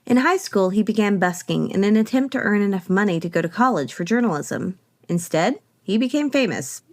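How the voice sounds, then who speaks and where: A woman's voice: medium pitch, vocal fry. Wry woman podcast host. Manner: wry, sarcastic asides. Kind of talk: scripted podcast commentary.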